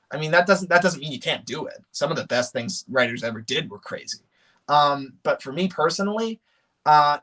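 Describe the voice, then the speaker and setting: A man chatting casually on a livestream, rambling and animated, with many fillers and restarts. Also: mid-range voice. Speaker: streamer.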